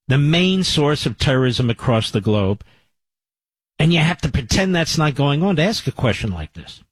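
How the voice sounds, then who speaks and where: A man's voice: medium pitch, no room sound, poor audio. A man hosting talk radio, delivering emphatic, indignant commentary into a studio microphone. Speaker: radio host.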